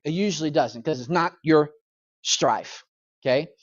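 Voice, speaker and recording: A male pastor from the United States leads a Bible study in church, speaking conversationally in a slightly high, unhurried voice with the highs cut off. He often checks in with "okay?" and briefly acts out voices.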